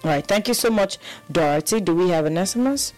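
A woman's voice: on the low side, quick pace, soft background music, poor audio. A Nigerian woman co-hosting a radio show, chatting casually and slipping into Pidgin. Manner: relaxed, Pidgin-sprinkled banter. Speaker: radio co-host.

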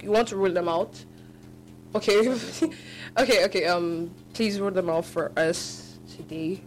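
A woman hosting a live radio call-in show, animated, often laughing and restarting her sentences. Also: on the low side, a little slow, slight background noise.

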